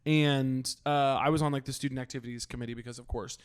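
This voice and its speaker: Fast-talking young man hosting a chat show. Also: mid-range voice, fairly even intonation, clean tone. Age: young adult. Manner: quick, chatty storyteller. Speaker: podcast host. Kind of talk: casual chat.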